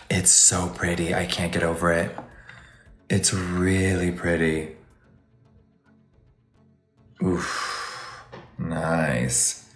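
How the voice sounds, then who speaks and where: In a reverberant space, a man with a low, fairly bright voice reviews makeup on a casual livestream. He gushes and exclaims throughout, showering viewers with campy endearments like "baby" and "honey."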